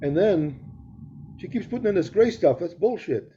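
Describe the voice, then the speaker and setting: A man's voice: high voice, expressive, moderate pace, mellow, slight background noise. A middle-aged man co-hosting a podcast over a video call, telling rambling jokey stories in casual chat. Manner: joking, rambling storyteller. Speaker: podcast co-host. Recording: dull lo-fi call audio.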